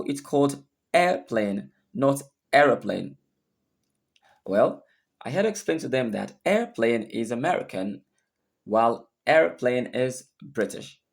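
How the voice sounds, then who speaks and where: A man teaching an English lesson and spelling words out letter by letter, with a deliberate delivery. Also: medium pitch. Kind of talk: recorded lesson.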